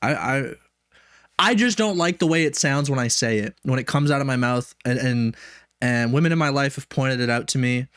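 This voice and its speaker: A man's voice: medium pitch, moderate pace, fairly bright tone, clear, resonant tone, no echo, studio quality. A man giving casual reaction commentary, rambling with lots of swearing and laughing asides. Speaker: commentary streamer.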